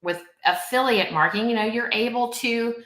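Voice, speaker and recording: Woman podcast guest, animated and chatty, recorded in a roomy space. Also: on the high side, moderate pace. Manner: animated, acts out quoted people, peppers talk with "like" and "right?". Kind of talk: casual conversation.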